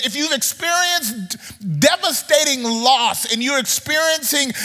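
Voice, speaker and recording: A man preaching a sermon in a church, animated, repeating words as he builds up and throwing questions at the audience. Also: very high voice, big-room sound. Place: church sanctuary.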